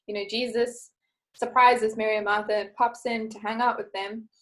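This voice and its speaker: Woman chatting away, kinda high voice, acts out the bits she quotes. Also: flat delivery, normal speed, rough recording. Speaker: podcast guest. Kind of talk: casual chat.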